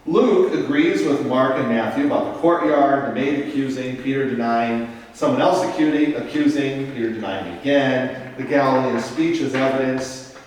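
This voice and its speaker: A parish priest with a medium-pitched, slightly mellow voice teaches Bible study at normal speed, casual and step by step, often checking in with "Okay?". He's heard from a distance in an echoey parish meeting room, with slight background noise.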